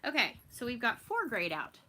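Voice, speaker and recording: A woman's voice: on the high side, huge pitch swings, moderate pace, sharp tone, a little hiss or hum. A woman from Texas with a Texan accent, chatting casually with viewers as host of a stitching show at home. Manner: chatty, laughing, answers viewer comments. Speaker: flosstube host. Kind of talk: casual live chat.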